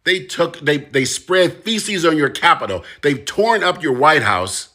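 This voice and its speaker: A man's voice: on the high side, animated, measured pace, bright, forceful tone. A man delivering an impassioned, emphatic monologue straight to his audience, hammering points home with repetition. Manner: direct, emphatic, repeats phrases for emphasis. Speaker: commentator.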